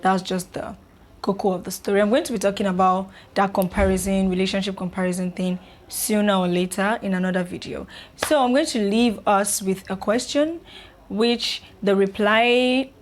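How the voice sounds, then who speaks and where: Young woman rambling to camera, casual, lots of fillers, mid pitch. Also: fairly even intonation, moderate pace. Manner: chatty, loose, full of "like" fillers. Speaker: vlogger. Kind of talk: casual relationship talk to camera.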